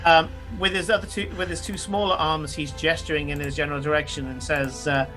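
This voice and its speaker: A man's voice: a little high, fairly even intonation, fairly quick, bright, forceful tone, faint music behind. A man narrating a tabletop role-playing game as game master, descriptive and full of fillers.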